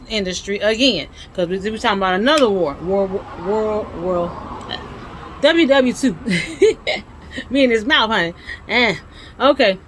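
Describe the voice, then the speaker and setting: A woman's voice: mid-range voice, a bit bright, poor audio. A woman with a Southern US accent talks through history like a casual lesson, chatty and folksy, full of asides. A faint hum of vehicles sits behind her voice. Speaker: host teaching history. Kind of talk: casual explainer talk.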